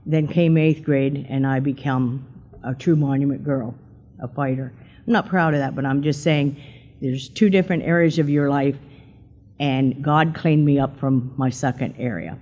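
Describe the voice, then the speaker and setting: This chatty older woman from Pennsylvania tells her testimony to her congregation in a mellow bass voice, keeping her intonation fairly even and her speed normal. When she quotes someone, she acts it out, lifting her voice.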